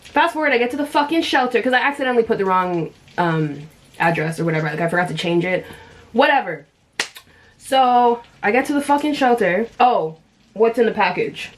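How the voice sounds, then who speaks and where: A woman's voice: fairly high pitch, brisk, a little hiss or hum. A young woman vlogger telling a story in a blunt, heated, profane way while she does her makeup. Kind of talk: storytime vlog.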